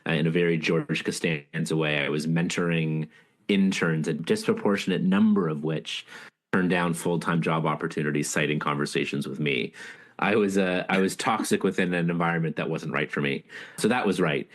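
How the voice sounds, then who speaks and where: Male author guest, very low voice, earnest, reflective storytelling. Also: fairly even intonation, normal speed. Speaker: author and leadership speaker, guest. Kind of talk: casual interview storytelling.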